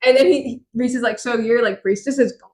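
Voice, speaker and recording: A young woman from Miami, co-hosting a podcast, retelling a book's chapters in an animated, jokey way. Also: a little high, fast talker, poor audio. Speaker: podcast co-host summarizing chapters. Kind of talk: casual chat.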